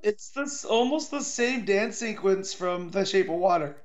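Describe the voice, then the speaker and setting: A man's voice: high voice, expressive, a little slow. Wry man on muffled lo-fi audio. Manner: wry quipping asides. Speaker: podcast co-host. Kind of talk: casual TV review chat.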